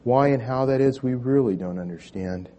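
A man's voice: mid-range voice, moderate pace, mellow. A man preaching a sermon as pastor, building to emphatic peaks and often repeating words as he goes.

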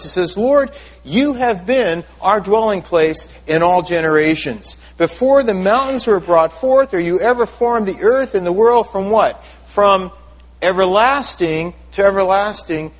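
A man preaching a sermon as pastor, explaining scripture and leading the congregation in reading aloud together. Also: high-pitched. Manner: explanatory, repeats words when restarting.

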